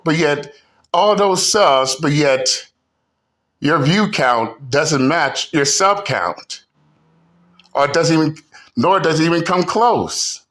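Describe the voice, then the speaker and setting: A man's voice: fairly high pitch, expressive, slow, a bit bright. A man hosting a commentary channel, ranting combatively with insults and frequent restarts. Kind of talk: reaction rant commentary.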